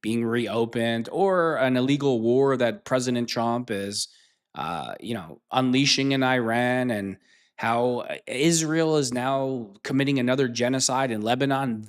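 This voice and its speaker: A man's voice: mid-range voice, unhurried, clean tone. Male podcast host reacting to clips, sarcastic and mocking. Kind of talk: reaction commentary.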